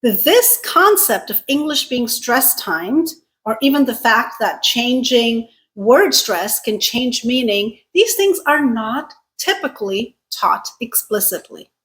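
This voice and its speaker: A woman hosting an English pronunciation lesson, speaking clearly and deliberately and stressing her words for emphasis. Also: a little high, expressive, fairly bright tone, poor audio. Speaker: English teacher and channel host. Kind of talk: scripted video lesson.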